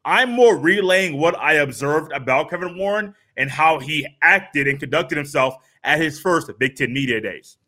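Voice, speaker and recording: High, bright-voiced opinionated man. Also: animated, normal speed, hardly any pauses. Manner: opinionated, emphatic. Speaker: sports podcast co-host. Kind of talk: casual sports talk commentary.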